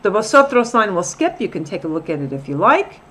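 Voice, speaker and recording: A woman's voice: mid-range voice, sing-song, fairly quick, a bit bright. A woman teaching a recorded grammar lesson as a Spanish teacher, patiently repeating example phrases.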